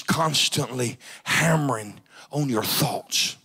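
A man preaching a revival sermon in a church, shouting and rising to high cries. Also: measured pace, creaky, breathy edge. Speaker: pastor. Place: church sanctuary.

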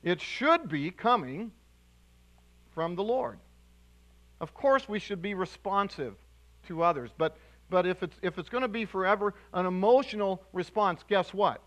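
A man preaching in a church sanctuary with a high, bright voice. He talks in a lively, emphatic way, starting over often and breaking into loud bursts. His sermon to the congregation moves between quiet asides and excited exclamations. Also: measured pace, low-quality recording. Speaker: pastor.

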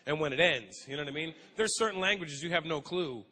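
A man doing a stand-up comedy routine, animated and acting out characters. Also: a little high, quick pace. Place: comedy stage. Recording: live stage with loud crowd laughter.

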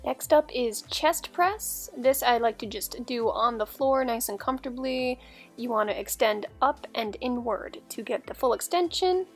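A woman's voice: fairly high pitch, lively intonation, a little slow, soft background music. Chatty young woman giving workout tips. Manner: upbeat, chatty and instructive. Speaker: fitness vlogger. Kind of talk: workout instruction voice-over.

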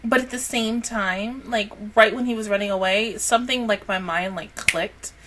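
A woman's voice: mid-range voice, normal speed, a bit bright. A young woman hosting an anime reaction channel, talking casually and emotionally, swearing often as she reacts.

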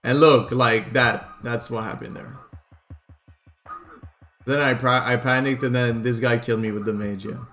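A young man streaming a game live, excitable and swearing, swinging from loud cheers to annoyed muttering. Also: mid-range voice, unhurried, pauses often, faint music behind. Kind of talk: live gameplay commentary.

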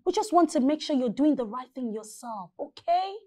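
A peacemaking friend with a Nigerian accent in a film drama. She speaks in a slightly high, soothing voice, trying to calm everyone down. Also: normal speed. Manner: soothing, calming.

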